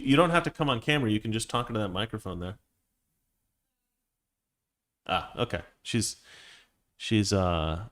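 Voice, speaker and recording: A man talks off the cuff on a live stream. He's opinionated and rambling, with lots of restarts and fillers as he reads out viewer comments. His voice sits at an ordinary middle pitch. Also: a bit bright. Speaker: host.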